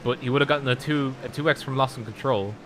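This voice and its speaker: A man's voice: medium pitch, fast, fairly bright tone, slight background noise, poor audio. A man, not an English speaker, co-commentating a sim race in a laid-back, hesitant, joking way. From Ireland.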